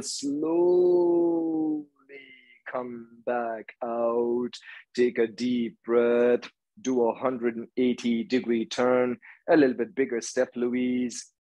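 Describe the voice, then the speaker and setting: A man's voice: mid-range voice, darkish tone, lo-fi sound. A man leading a hot yoga class, giving firm, rhythmic commands and counting through each pose. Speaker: yoga teacher. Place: yoga studio.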